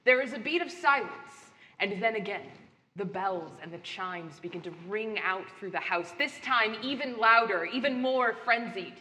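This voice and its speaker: A woman's voice: medium pitch, expressive, normal speed, pushed and bright. A woman narrating a live tabletop horror game as game master, telling the story in a dramatic, descriptive way. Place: convention main stage. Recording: live stage hall, faint noise.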